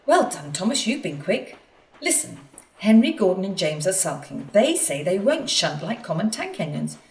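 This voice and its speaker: A woman's voice: mid-range voice, big pitch swings, lightly acted. Woman playing the Fat Controller, a stern railway boss. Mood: brisk. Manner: brisk and commanding. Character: stern portly railway boss, fussy but fair. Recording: echoey room, distant mic, faint music.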